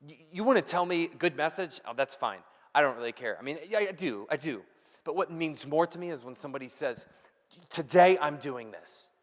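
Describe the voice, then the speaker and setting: A man preaching a sermon as pastor, emphatic, repeating key phrases and dropping from loud to hushed. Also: on the high side, animated, fairly quick, long reverb tail.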